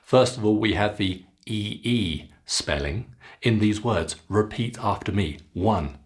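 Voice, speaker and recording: A man with a British English accent teaching pronunciation, modelling sounds slowly and clearly for learners to repeat. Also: lowish voice. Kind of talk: scripted pronunciation lesson.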